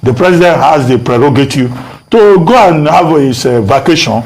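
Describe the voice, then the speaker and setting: A man's voice: medium pitch, lively intonation, normal speed, darkish tone. A man with a Nigerian accent speaking as a guest on a TV discussion, emphatic and argumentative, repeating phrases for stress. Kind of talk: TV talk-show discussion.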